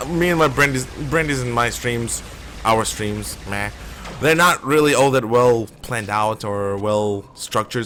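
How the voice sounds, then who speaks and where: A man's voice: mid-range voice, a bit bright, slight background noise. Chatty male game streamer. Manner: chatty, rambling, opinionated. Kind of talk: casual live gameplay commentary.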